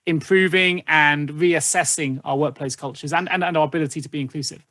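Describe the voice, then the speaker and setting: A man's voice: on the high side, steady tone, a little fast, pushed and bright, no echo, clean studio sound. A man hosting a podcast, asking long, thoughtful questions with fillers. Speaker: podcast host.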